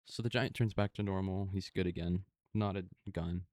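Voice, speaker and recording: A man casually retelling a movie in a flat, monotone way over gameplay, speaking close to a desktop microphone with plenty of fillers. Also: low-pitched, normal speed, no room sound. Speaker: gaming video creator.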